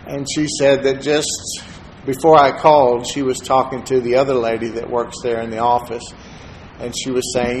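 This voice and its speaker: A man's voice: mid-range voice, level tone, normal speed, slight background noise, poor audio. Man preaching in a storytelling way. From Texas, USA. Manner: conversational storytelling, soft-spoken asides. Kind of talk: sermon.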